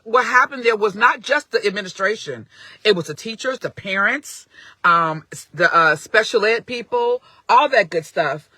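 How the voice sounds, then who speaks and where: A woman's voice: on the high side, sharp tone, dry recording. A middle-aged woman telling a heartfelt story on a phone live stream, earnest and emphatic, with frequent restarts. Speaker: parent advocate streaming live. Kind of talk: casual live-stream talk.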